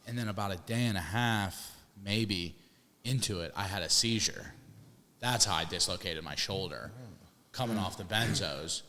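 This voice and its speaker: Casting note: young guy, low voice, loose and profane storyteller, recorded in a reverberant room. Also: moderate pace, sharp tone. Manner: rambling, swearing, restarts. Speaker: podcast co-host. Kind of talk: casual storytelling chat.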